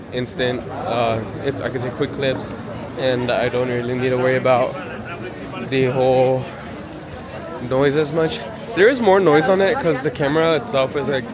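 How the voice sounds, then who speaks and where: Rambling man vlogging amid crowds. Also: mid-range voice. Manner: rambling, self-joking chatter. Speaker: travel vlogger. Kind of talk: casual walking vlog. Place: outdoors at a busy palace grounds. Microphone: handheld camera while walking. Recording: outdoor crowd noise. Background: crowd chatter.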